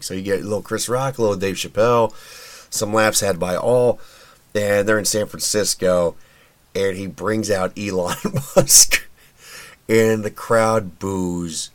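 A man's voice: deep voice, a bit bright. A man hosting a podcast in a casual solo commentary, chatty and opinionated, with plenty of fillers and restarts. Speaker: podcast host.

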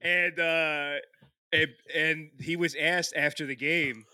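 A man's voice: on the high side, fairly even intonation, slow pace, pushed and bright, clean tone, no room sound, studio quality. A man co-hosting a podcast in casual chat, rambling, swearing and laughing often between thoughts. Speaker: podcast co-host.

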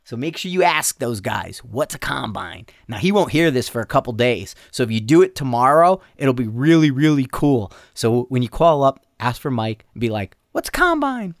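A man's voice: medium pitch, lively intonation, normal speed, hardly any pauses, no room sound, studio quality. Rambling, stammering male podcast host. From Denver area, USA. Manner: rambling, stammering restarts, jokey. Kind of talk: casual solo podcast chat. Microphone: podcast mic.

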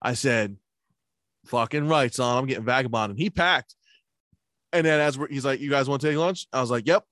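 A man's voice: mid-range voice, fairly quick, a bit bright, no room sound, clean studio sound. A man in casual chat, telling long profane stories about his workday and acting out what everyone said, laughing along. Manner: acts out both sides of remembered conversations.

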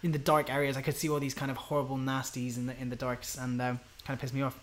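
A man co-hosting a casual podcast chat, enthusiastic and quick to laugh and tease. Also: medium pitch, flat delivery. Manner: enthusiastic, laughs easily, teasing. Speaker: podcast co-host.

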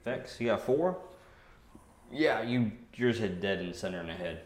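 A man's voice: lowish voice, animated, measured pace, pauses often. A man running a tabletop game as game master, narrating the action with laughs and sound effects. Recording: roomy with faint noise.

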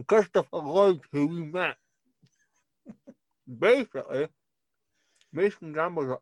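A man's voice: fairly high pitch, slow pace, pauses often, no echo. A man with a Scottish accent co-hosting a podcast, chatting casually, laughing often and swearing freely. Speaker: podcast co-host. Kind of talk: casual chat.

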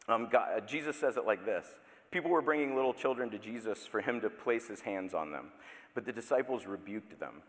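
A man in his thirties delivers a sermon in a church sanctuary, his mid-range voice animated and quick. He talks conversationally, interrupting himself and adding playful asides, while the big hall's long reverb rings around him.

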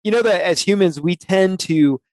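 A man's voice: sits high, normal speed, darkish tone, no echo. Encouraging male podcast host. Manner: encouraging, reflective interviewer. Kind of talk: casual podcast conversation.

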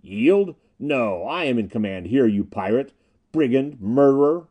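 A man reading the part of a hot-tempered male ship captain in an audiobook, shouting in defiance. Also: mid-range voice, animated, unhurried, narrow, tinny audio. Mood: defiant.

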